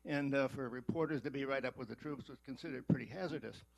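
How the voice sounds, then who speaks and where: An elderly man in his eighties asking a question from the audience, hesitant and clearing his throat as he works through a long setup. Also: medium pitch, fast talker, low-quality recording. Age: 80s. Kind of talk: spoken question from the floor.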